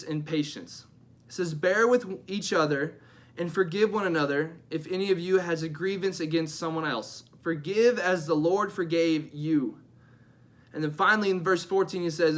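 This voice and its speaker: A young man giving an energetic youth devotional as a pastor, emphatic and repeating his phrases. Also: high voice.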